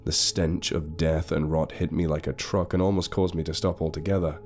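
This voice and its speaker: Deep voiced guy reading a creepy story, steady and grave, quiet music underneath. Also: normal speed. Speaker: horror story narrator. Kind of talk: scripted first-person horror narration. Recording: faint music behind.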